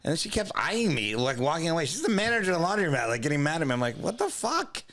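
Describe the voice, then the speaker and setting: Man telling a story with loud acted-out bits. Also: a little high, rapid-fire, a little hiss or hum. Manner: animated, acts out both sides of the story in loud raised voices. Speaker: podcast co-host. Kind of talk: casual comedic storytelling.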